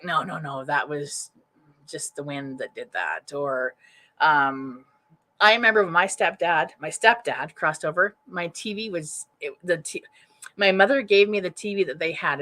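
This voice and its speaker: A woman's voice: fairly low pitch, moderate pace, sharp tone. A woman doing a live-streamed psychic reading, casual and rambling, restarting sentences as she thinks aloud. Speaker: psychic medium. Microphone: webcam or computer mic.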